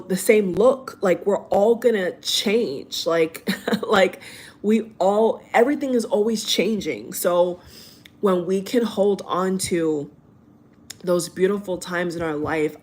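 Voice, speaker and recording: A woman in her late twenties who hosts a spiritual channel, telling a personal story in an earnest, emotional way and often restarting and repeating her phrases. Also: on the low side. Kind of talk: heartfelt personal monologue.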